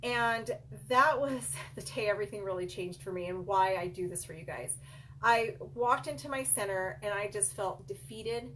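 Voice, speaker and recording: A woman's voice: medium pitch, moderate pace, fairly bright tone, slight background noise. A middle-aged woman, a child care business coach and center owner, earnestly telling a personal story straight to her viewers, calling them "you guys.".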